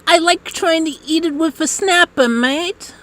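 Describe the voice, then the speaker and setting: A man putting on a high woman's voice with a fake Australian twang to prank a voice assistant, drawn out and repeating the name. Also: sharp tone, heavily acted. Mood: teasing. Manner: slow, drawn-out, keeps saying the name.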